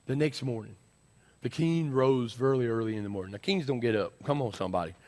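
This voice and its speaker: A man preaching an animated sermon as senior pastor, urging the crowd with call-and-response. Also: medium pitch, fairly quick.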